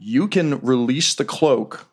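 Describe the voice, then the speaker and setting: A man's voice: mid-range voice, expressive, takes it slowly, breathy edge. A man narrating a tabletop game as game master, loose and casual with many fillers.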